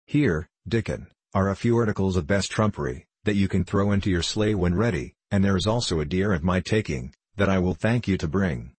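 A man's voice: low voice, expressive, a little fast, hardly any pauses, a little mellow, breathy edge, dry recording. A man voicing a teasing country judge who speaks in old-fashioned terms. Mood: commanding.

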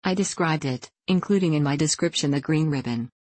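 Low-voiced woman reading a classic novel. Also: brisk, a little mellow, dry recording, poor audio. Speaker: audiobook narrator. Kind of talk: scripted narration of a classic novel.

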